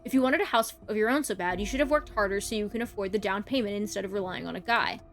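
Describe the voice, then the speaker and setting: Mujer leyendo a un novio furioso. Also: female voice, mid-range voice, fast, lightly acted. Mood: accusing. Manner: harsh, accusing. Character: young man, controlling, angry boyfriend. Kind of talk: reading a visual novel aloud.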